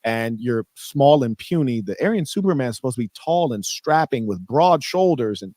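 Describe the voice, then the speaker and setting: Pompous lecturing man, lively pitch. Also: normal speed, no echo. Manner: pompous, lecturing, fancy vocabulary. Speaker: livestreamer in a played clip. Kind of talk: lecturing livestream rant.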